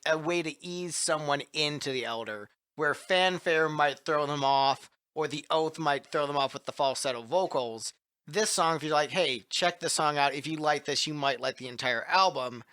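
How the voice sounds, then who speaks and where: Bright, enthusiastic male podcast host. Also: on the high side, smooth, no echo, clean studio sound. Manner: enthusiastic, opinionated, chatty. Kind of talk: casual panel chat about music.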